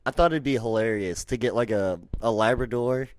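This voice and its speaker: A man telling funny stories in casual podcast chat, animated and laughing often. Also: mid-range voice, fairly quick, dry recording. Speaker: podcast co-host. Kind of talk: casual storytelling.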